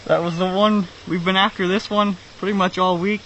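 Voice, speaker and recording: A man's voice: sits high, flat delivery, a little fast, fairly bright tone. A young man, a son on the hunt, recapping events in an easygoing, matter-of-fact way. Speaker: hunter, son. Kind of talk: casual outdoor recounting. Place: outdoors in rural fields. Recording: dull outdoor audio, faint field noise. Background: crickets and insects.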